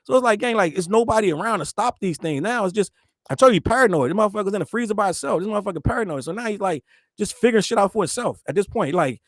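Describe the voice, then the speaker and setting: Fast-talking high-voiced man ranting. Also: no room sound, clean studio sound. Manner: profane, animated, acts out quoted voices. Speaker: podcast host. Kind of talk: casual commentary rant.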